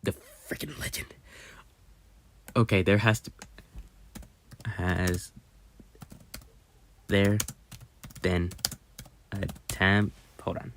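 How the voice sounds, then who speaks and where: A channel host giving casual commentary at a desk microphone while browsing, often mumbling half-words and fillers under the breath, then breaking into sudden loud excited outbursts. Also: sits low, vocal fry, slight background noise. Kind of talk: casual screen-recorded commentary.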